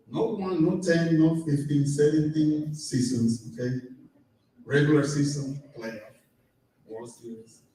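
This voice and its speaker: Animated man telling stories in echoey hall. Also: on the high side. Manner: animated, laughing storyteller, acts out dialogue. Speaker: guest speaker at a live fan event. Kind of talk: storytelling to a live audience. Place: event hall with audience. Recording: very echoey hall, voice far from mic.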